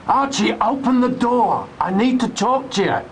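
An actor playing an insistent man who pleads to be let in and shouts when challenged, in a British soap opera. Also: very high voice, lively intonation, moderate pace, poor audio.

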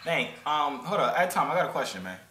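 A man's voice: a little high, big pitch swings, fast, sharp tone, slight background noise. A young man in his twenties, a YouTuber chatting and joking playfully with strangers on a video call. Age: 20s. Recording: roomy echoey sound.

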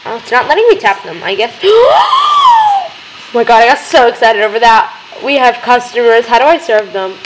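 A young woman hosting a gaming video, chattering excitedly as she plays and talking to the characters on screen. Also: on the high side, quick pace, few pauses, heavy background noise. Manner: excitable, gasping, talks to game characters. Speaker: gaming channel host. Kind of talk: let's-play commentary.

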